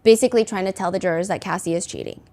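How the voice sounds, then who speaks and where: A woman's voice: lowish voice, very fast, vocal fry, warm tone. A woman hosting casual commentary, recapping a trial in a chatty way with many filler words and acted-out quotes.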